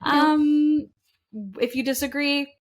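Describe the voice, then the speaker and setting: A woman's voice: high-pitched, fairly even intonation, takes it slowly. An American woman co-hosting a podcast, chatting casually, laughing often and reading lists aloud. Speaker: podcast co-host. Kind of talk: casual chat.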